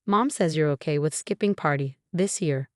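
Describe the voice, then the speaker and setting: A woman's voice: deep voice, normal speed, darkish tone, dry recording, clean studio sound, close to an everyday voice. A woman voicing a cautious, uneasy young husband in a storybook narration, speaking hesitantly.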